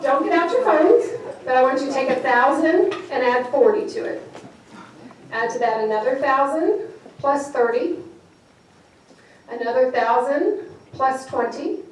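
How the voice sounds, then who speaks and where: A woman's voice: high-pitched, animated, a little slow, long pauses. A woman gives a playful motivational talk, quizzing a live audience. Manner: playful, engages the audience with questions. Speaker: professional speaker. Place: large event hall. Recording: echoey hall, distant mic, noisy.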